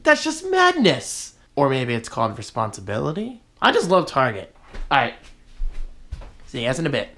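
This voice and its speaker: A man's voice: medium pitch, very animated, brisk, long pauses, pushed and bright. A man chatting casually to his viewers in a daily vlog, joking and talking to the camera as he goes about his day. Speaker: vlogger.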